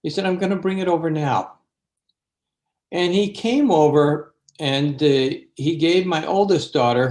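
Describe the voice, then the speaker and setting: An older man, an abbot and Zen teacher, recalls memories in an interview. His slightly high-pitched voice moves unhurriedly, full of pauses and fillers. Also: a little mellow. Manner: unhurried storytelling with frequent fillers. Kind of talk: interview reminiscence.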